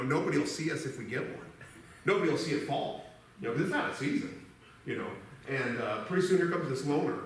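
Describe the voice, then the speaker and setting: A man's voice: on the high side, fairly bright tone, far from the mic, slight background noise. A middle-aged man telling a rambling, folksy story at a memorial service, laughing as he goes. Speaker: eulogy speaker. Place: church hall. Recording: echoey church hall from afar.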